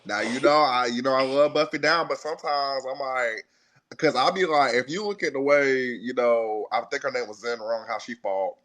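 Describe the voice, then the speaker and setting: A man's voice: mid-range voice, normal speed, fairly bright tone. A man hosting a live stream, chatting casually and expressively with a sassy, playful back-and-forth. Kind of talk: casual chat about a TV show.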